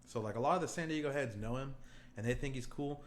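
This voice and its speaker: Profane, animated young man telling a story. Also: medium pitch, fast talker. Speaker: podcast host. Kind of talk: casual storytelling chat. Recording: roomy echo, faint background noise.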